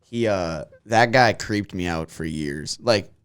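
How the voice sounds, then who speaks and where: A man's voice: low voice, slow, clear, resonant tone, no room sound, studio quality. A man from Minnesota with a Minnesota accent, chatting candidly as a podcast guest, rambling and self-deprecating. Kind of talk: casual chat.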